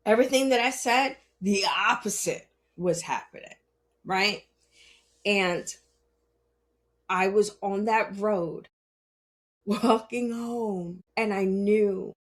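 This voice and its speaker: A woman podcast host and spiritual healer telling a personal story, swinging between loud emphasis and hushed asides, laughing often and swearing. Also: mid-range voice.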